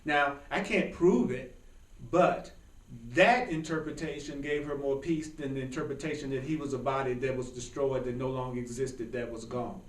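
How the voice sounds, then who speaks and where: A man teaching a small spiritual class in an informal, animated way, often laughing and joking. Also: mid-range voice, normal speed, roomy sound, recorded from a distance, rough recording. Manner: animated, laughing, jokey asides.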